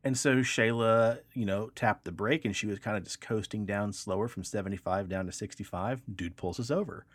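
Man, young adult, low voice, dry close sound, casual podcast storytelling, animated. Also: fairly quick, hardly any pauses, no echo. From Texas, raised in Kansas. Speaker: podcast co-host.

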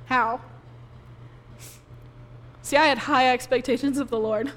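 Woman pastor, tearful sermon testimony, high voice, long hall reverb. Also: fairly even intonation, unhurried. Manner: emotional personal testimony, tearful at times. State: crying softly.

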